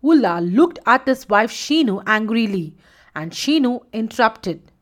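A woman telling a children's animal story in an expressive, storybook style, voicing each character herself. Her pitch sits somewhat high and moves a great deal. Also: a little slow. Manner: expressive, voices every character. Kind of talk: storybook narration.

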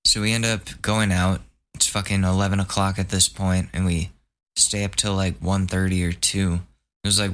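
A man's voice: low-pitched, flat delivery, moderate pace, a bit bright. A young man hosting a podcast, telling a long profane story in a casual, exasperated way and mocking others in put-on voices. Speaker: podcast host. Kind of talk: casual ranting monologue.

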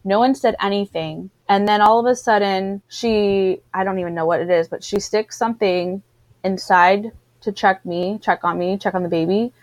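A woman's voice: medium pitch, moderate pace, dry recording. Woman telling a story, dry close sound. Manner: animated storyteller, acts out what others said. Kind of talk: casual chat, personal birth story.

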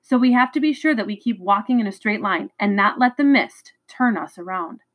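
A woman's voice: medium pitch, animated, fairly quick, lo-fi sound, close to an everyday voice. Woman voicing a brave ten-year-old boy. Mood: determined.

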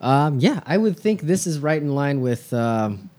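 A man's voice: on the high side, sing-song, a little slow, darkish tone. A man co-hosting a casual tasting podcast, wry and jokey, trailing off into mumbles. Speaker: podcast co-host. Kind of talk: casual chat.

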